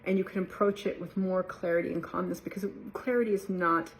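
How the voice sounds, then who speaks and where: A woman talking casually about mindfulness to her viewers, relaxed and chatty, often laughing and slipping into playful quoted voices. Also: lowish voice, fairly quick. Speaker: mindfulness vlogger. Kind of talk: casual talk to camera.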